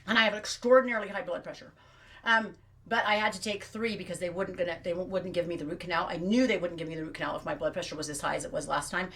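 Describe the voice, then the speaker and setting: A woman's voice: lowish voice, steady tone, fast talker, a bit bright, distant mic. A middle-aged woman hosting a knitting livestream, chatting in a rambling, self-deprecating way. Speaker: knitting show host.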